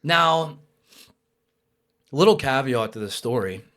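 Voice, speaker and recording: Animated man telling a story. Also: mid-range voice, slow pace. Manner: animated, swears, acts out quoted voices. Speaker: podcast guest. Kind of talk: casual podcast storytelling.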